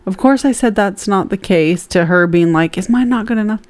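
A woman's voice: medium pitch, fairly quick, darkish tone. A woman co-hosting a casual podcast chat, frank and chatty, reading listener posts and comments aloud. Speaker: podcast co-host.

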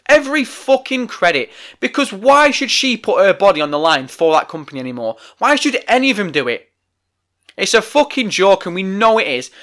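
A man's voice: sits high, sharp tone. A man hosting a wrestling podcast, ranting in a heated, profane way. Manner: profane, angry, emphatic.

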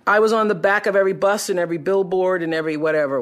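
A woman telling a personal story to listeners in an animated way, acting out the dialogue. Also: lowish voice, rapid-fire. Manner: animated, acts out quoted dialogue. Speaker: public speaker.

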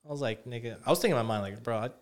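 A man's voice: medium pitch, very fast. A young man co-hosting a podcast, telling stories in a rambling, profane, casual chat. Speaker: podcast co-host.

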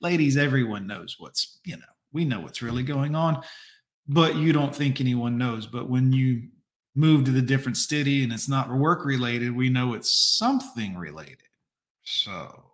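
A man's voice: medium pitch, lively intonation, moderate pace, reverberant. A man giving mocking, sarcastic commentary to his stream chat while reacting to a video.

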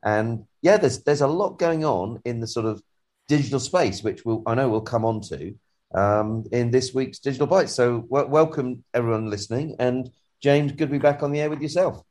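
A man's voice: mid-range voice, normal speed, darkish tone. An English man with a cold, co-hosting a podcast over a remote call, chatty and jokey, with many restarts. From England. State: has a cold. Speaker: podcast co-host. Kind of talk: casual chat.

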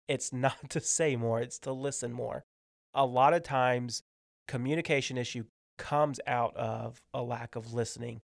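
A man hosting a podcast, giving numbered practical tips in a relaxed teaching tone with light humor. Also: medium pitch, gravelly, no echo, clean studio sound. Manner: structured tips, light humor, acts out example dialogues. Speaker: podcast host. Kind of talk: casual teaching talk on workplace communication.

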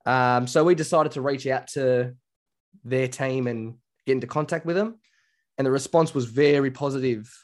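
An Australian man co-hosting a casual podcast chat, telling stories in a chatty, animated way. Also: medium pitch, moderate pace. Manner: chatty, animated storytelling with quoted voices. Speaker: podcast co-host.

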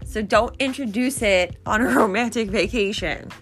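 A woman hosting her own video, excitedly introducing a guest and wrapping up with advice. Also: mid-range voice, moderate pace, faint music behind. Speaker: vlog host. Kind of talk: casual chat.

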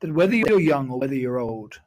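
A man reciting a rhyming children's poem in a measured, sing-song storytelling delivery. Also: medium pitch, sing-song, heavy background noise.

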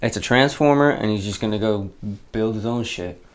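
A man with a low voice joins a casual podcast conversation. He delivers news and jokes in a dry, deadpan manner. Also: moderate pace. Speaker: podcast co-host.

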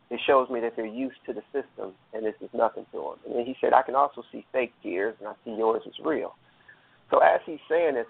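Guy with a gravelly voice rambling through a story, tinny phone line. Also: medium pitch, no room sound. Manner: earnest, rambling with many fillers and restarts. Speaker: guest telling a personal story. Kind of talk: casual storytelling.

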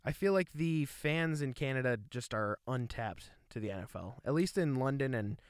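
A man's voice: medium pitch, expressive, normal speed, clear, resonant tone, no echo, clean studio sound. A man co-hosting a casual sports podcast, recapping scores and results and self-censoring his swearing. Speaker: podcast co-host.

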